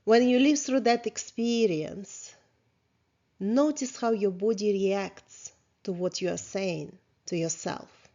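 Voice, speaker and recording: A woman therapist leading a guided self-reflection lesson, talking calmly and asking many questions, with small grammar slips. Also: mid-range voice. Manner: slow, calm, questioning, with small grammar slips of a non-native speaker. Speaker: therapist teaching a course. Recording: slightly dull lo-fi sound.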